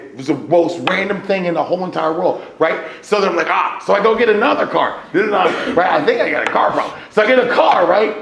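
A man giving a personal testimony as a speaker at a recovery meeting. He tells his story with animated swings between loud exclaiming and a hushed murmur, and keeps checking in with "right?". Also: high-pitched, vocal fry. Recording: echoey room with faint ambient noise.

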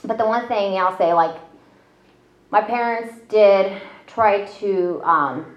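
A woman's voice: medium pitch, takes it slowly. Chatty woman telling her story. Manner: chatty, self-deprecating, many fillers. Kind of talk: casual personal storytelling. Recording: roomy, slightly dull audio.

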